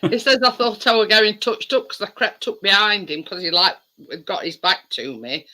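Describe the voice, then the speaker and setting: A man's voice: high-pitched, moderate pace, sharp tone. A man, hosting a casual livestream chat and telling stories with plenty of laughs. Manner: chatty storytelling with frequent laughs. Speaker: livestream host. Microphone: livestream video call.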